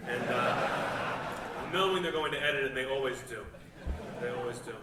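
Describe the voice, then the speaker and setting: Deadpan comedian in a roomy theater. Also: male voice, medium pitch. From Pittsburgh suburbs. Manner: deadpan, odd pauses, swears a lot. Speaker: stand-up comedian. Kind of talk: crowd-work Q&A on stage. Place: large theater. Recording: roomy, distant theater recording with crowd noise.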